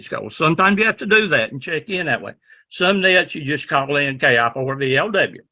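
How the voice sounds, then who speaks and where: A man's voice: mid-range voice, lively intonation, normal speed, sharp tone. A man with a Southern US accent teaching a ham radio licensing class in a folksy, rambling way, often checking in with "okay?". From Southern United States. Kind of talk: classroom lecture.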